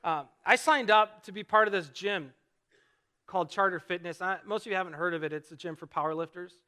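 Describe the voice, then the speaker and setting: A man's voice: high voice, fairly quick, sharp tone, smooth. A middle-aged male pastor preaching a sermon to a church congregation, telling stories about his own life in a conversational, self-deprecating way and posing rhetorical questions. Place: church sanctuary before a congregation.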